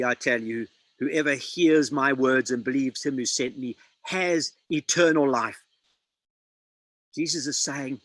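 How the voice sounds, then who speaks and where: A man preaching a sermon, dramatic and emphatic, quoting scripture with slow pauses. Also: a little high, no echo, rough recording.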